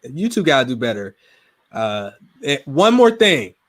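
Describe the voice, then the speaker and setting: A young man from Pittsburgh with a Pittsburgh accent, chatting casually as a podcast guest, slangy and relaxed, often trailing off quietly. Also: medium pitch, measured pace. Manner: relaxed, slangy, drifts quieter at phrase ends. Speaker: guest gamer and streamer.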